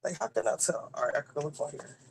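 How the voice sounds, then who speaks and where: This co-host talks fast in a low, sing-song voice that's gravelly, husky, and a little mellow. Telling a meandering story loaded with fillers and swearing, she's miked with a clip-on as she moves through indoor spaces and then heads out.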